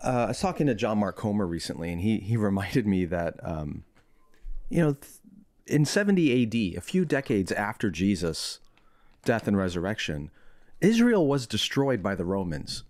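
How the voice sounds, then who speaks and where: A man's voice: fairly low pitch, very animated, moderate pace, a little mellow. A man hosting a podcast conversation, asking thoughtful, probing questions and sometimes playing devil's advocate. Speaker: podcast host.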